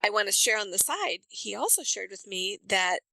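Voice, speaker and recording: A woman accent coach, speaking as a podcast guest and explaining things with lively examples. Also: mid-range voice, normal speed, gravelly, dry recording, poor audio. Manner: animated storyteller, explains with examples. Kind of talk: podcast interview.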